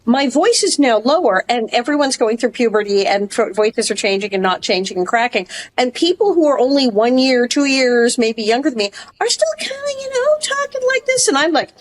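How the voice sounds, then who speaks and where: A woman's voice: fairly high pitch, animated, brisk, low-quality recording. A woman co-hosting a podcast, chatting casually, blunt and self-mocking with frequent laughter. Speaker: podcast co-host. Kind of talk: casual chat.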